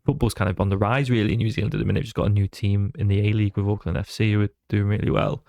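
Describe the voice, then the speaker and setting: A man chatting as a podcast guest, an animated storyteller who keeps slipping into other voices. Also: lowish voice, very fast, creaky, no echo, clean studio sound. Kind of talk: casual chat.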